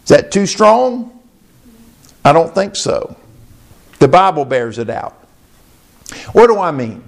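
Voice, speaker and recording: A man preaching a sermon as pastor, slow and emphatic, asking the congregation questions. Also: a little high, sing-song, creaky.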